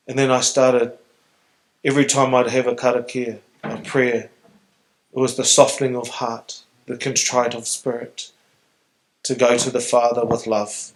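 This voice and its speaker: A man's voice: medium pitch, rough recording. A middle-aged man from New Zealand with a New Zealand accent, speaking earnestly and reflectively as a guest in a live stage Q&A. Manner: earnest, reflective, emotionally open. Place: on stage before an audience.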